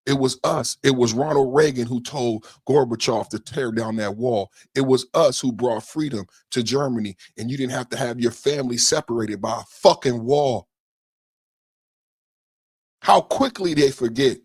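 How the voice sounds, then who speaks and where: A man hosting a podcast, giving political commentary in an indignant, profane rant that builds into shouting. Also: mid-range voice, animated, normal speed, dry recording, studio quality. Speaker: podcast host.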